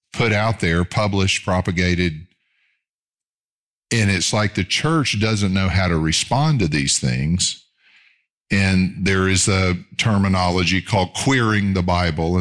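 A middle-aged male pastor preaching a sermon in an earnest, measured way, slowing down to stress key phrases. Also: low voice, a bit bright.

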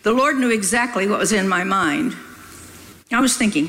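A woman's voice: mid-range voice, expressive, normal speed, fairly bright tone, slight background noise. An older woman preaching, telling a story in a folksy, scolding way with laughing asides. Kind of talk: sermon storytelling.

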